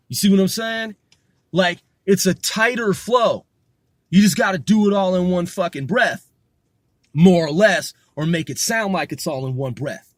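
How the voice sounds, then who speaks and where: Casual rapper, higher-pitched man, talks in loops and restarts, dry close sound. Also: unhurried, no room sound. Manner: rambling, restarts often, swears casually. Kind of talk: casual rehearsal talk with rapped lines.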